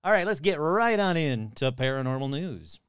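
A man hosting a casual podcast, chatty and reacting aloud as he watches clips, his voice hoarse and cutting in and out. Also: on the high side, very animated, moderate pace, no echo. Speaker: podcast host.

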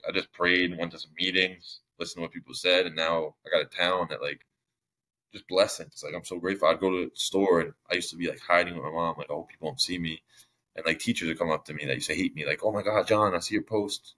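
A young man with a rumbling low voice and a fairly bright tone tells his story as a podcast guest. He's long-winded and rambling, packing his casual interview storytelling with "like" again and again.

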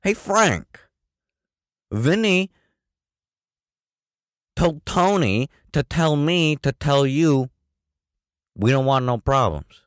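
A man's voice: a little high, expressive, very slow, pauses often, no room sound, studio quality, pitched above the performer's own voice. A man voicing a tough male mobster who passes along a warning in a brash tough-guy delivery. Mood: menacing.

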